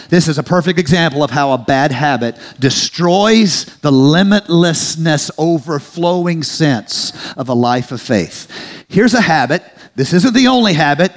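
A male pastor preaching a sermon, rising to emphatic peaks and slowing into drawn-out prayerful lines. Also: a little high. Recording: faint music under the voice.

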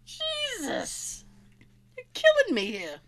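A woman telling family stories in a casual chat, animated, swearing freely and laughing often. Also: very high voice, takes it slowly.

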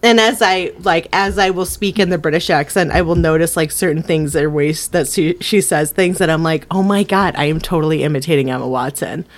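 A woman's voice: deep voice, fairly quick, few pauses. A woman co-hosting a movie podcast, talking casually with lots of fillers and frequent laughter. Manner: animated, giggly, lots of fillers. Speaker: podcast co-host.

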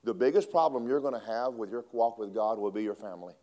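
A man preaching a sermon, swinging between loud emphatic lines and hushed asides. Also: medium pitch, quick pace.

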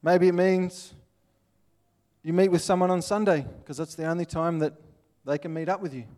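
Casting: Australian male preacher, plainspoken and earnest, voice slightly high. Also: steady tone, moderate pace, darkish tone. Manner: earnest, plainspoken, acts out little scenes. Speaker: pastor. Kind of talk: sermon.

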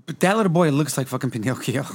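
A man's voice: high-pitched, animated, fast, a bit bright. A man co-hosting a casual movie podcast, giggly and swearing casually. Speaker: podcast co-host. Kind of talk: casual movie review chat.

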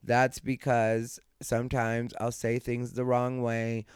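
A man hosting a solo podcast at night, rambling in a laid-back way, sleepy and yawning, with a slight lisp, talking from a dark room at home. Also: mid-range voice, completely flat delivery, slow pace, smooth, dry recording, studio quality. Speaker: podcast host and comedian. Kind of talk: casual solo podcast monologue. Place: dark room at home, lying beside his dog.

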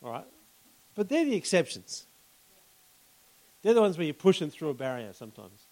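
An Australian man preaching a sermon in an animated way, acting out reactions and bursting into shouts. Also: a little high, moderate pace.

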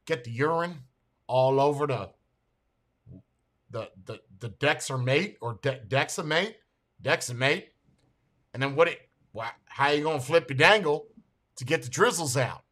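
A man voicing a gruff, bossy male Navy medic who talks in clipped sailor slang. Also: medium pitch, animated, unhurried, long pauses, a bit bright, voice pushed down.

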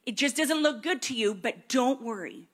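A woman delivers a sermon with a somewhat high voice. She talks in a lively, conversational way and acts out prayers and questions to God as she goes. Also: moderate pace. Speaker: preacher.

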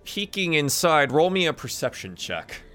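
A man narrating a tabletop game as game master, playful and animated. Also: a little high, normal speed, soft background music.

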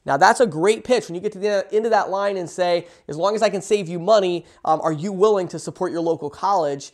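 A man with a high voice teaches sales in a rapid, eager delivery. He acts out sample pitches as he goes, then drops back into coaching. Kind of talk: fast, energetic sales coaching talk.

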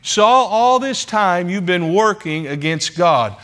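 A man's voice: high-pitched, lively intonation, slow pace, a bit bright, voice pushed up, heavily acted. Preacher voicing a solemn, rebuking divine man. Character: commanding divine male voice rebuking.

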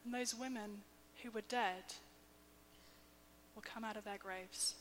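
A woman in her thirties preaching a sermon, slow, measured and emphatic, with soft quiet dips. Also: medium pitch, steady tone. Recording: long hall reverb, faint hum.

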